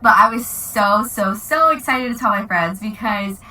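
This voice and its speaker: A woman's voice: medium pitch, moderate pace, bright, forceful tone, far from the mic, rough recording. A woman in her twenties telling a casual storytime vlog, chatty and full of "like" fillers. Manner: chatty, many "like" fillers, giggly. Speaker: vlogger.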